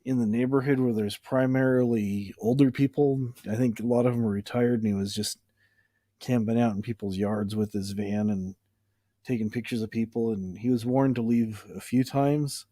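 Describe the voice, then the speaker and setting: A man casually explaining the setup of his comedy sketch, relaxed and rambling. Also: mid-range voice, moderate pace, no echo. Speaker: comedy video creator.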